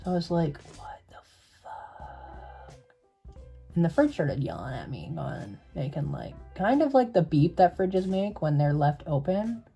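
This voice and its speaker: A man's voice: fairly high pitch, sing-song, moderate pace, few pauses, warm tone, breathy edge, soft background music. A young man in drag telling a spooky story to camera in a sassy, profane, dramatic way.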